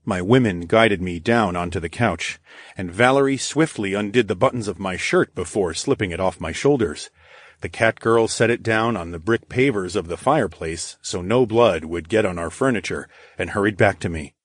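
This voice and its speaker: Guy reading an audiobook, lowish voice, steady, no room sound at all. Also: normal speed, dry recording, clean studio sound. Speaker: audiobook narrator. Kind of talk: first-person audiobook narration.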